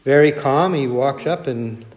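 A man's voice: mid-range voice, measured pace. An older man preaching a sermon, earnest and repetitive, with folksy storytelling asides.

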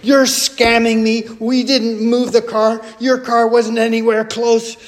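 A woman's voice: a little high, level tone, slow pace, voice pushed up. A male preacher voicing his wife as she sharply denies blame, indignant and firm.

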